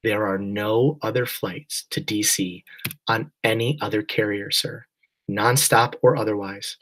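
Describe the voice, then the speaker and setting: A man voicing an apologetic female airport gate attendant in a husky voice, speaking softly and politely. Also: lowish voice, steady tone, a little slow, low-quality recording. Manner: soft, sorry, politely regretful.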